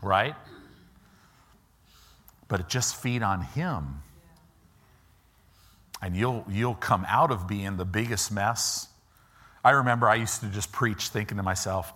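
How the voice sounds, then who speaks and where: A male pastor preaching in a church in a loose, storytelling way. His voice sits a little low but rings bright and forceful, and he keeps jumping into the voices of his characters before turning back to the congregation with casual asides. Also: slow pace, pauses often. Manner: animated storyteller, acts out quoted voices; informal, asides to the audience. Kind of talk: storytelling sermon.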